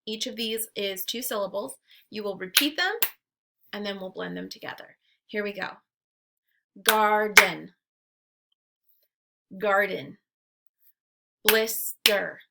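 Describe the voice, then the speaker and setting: A woman teacher leading a phonics drill for young children, modeling each word slowly and clearly for them to repeat. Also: mid-range voice, heavy background noise.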